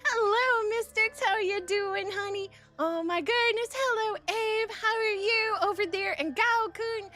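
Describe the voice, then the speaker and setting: A woman's voice: very high-pitched, a little slow, few pauses, sharp tone. A woman live-streaming, bubbly and affectionate, greeting her chat by name with pet names and sometimes talking while eating. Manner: chews food while talking. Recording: faint music behind.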